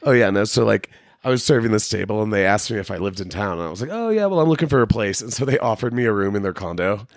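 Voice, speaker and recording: A man's voice: fairly low pitch, fast, hardly any pauses, dry recording, clean studio sound. A young man co-hosting a podcast, chiming in casually and chuckling as he tells stories. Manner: laid-back, chuckling, chimes in. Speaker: podcast co-host. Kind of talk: casual storytelling chat.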